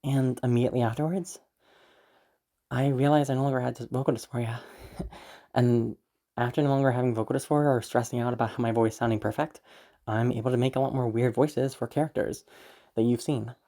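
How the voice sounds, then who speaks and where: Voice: medium pitch, fairly even intonation, brisk, dark tone. A young adult YouTube voice creator chatting casually to camera, rambling with frequent fillers and giggles. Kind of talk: casual vlog talk to camera.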